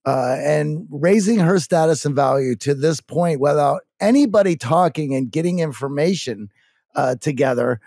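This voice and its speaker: A man's voice: fairly high pitch, normal speed, a little mellow, no room sound, clean studio sound. A man co-hosting a podcast conversation who talks in a loose, rambling way full of fillers. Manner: rambling, filler-heavy phrasing. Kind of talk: interview conversation.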